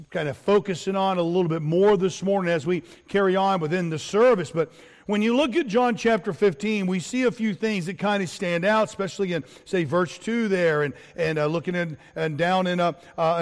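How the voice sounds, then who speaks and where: A middle-aged man preaching a sermon as pastor, earnest, with repetitions and fillers. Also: high-pitched. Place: church. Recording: long hall reverb.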